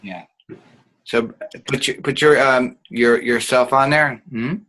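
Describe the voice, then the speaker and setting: A man's voice: medium pitch, slow pace, gravelly, fairly bright tone, rough recording. A man teaching an online acting class, guiding students patiently and showing each sound with hums.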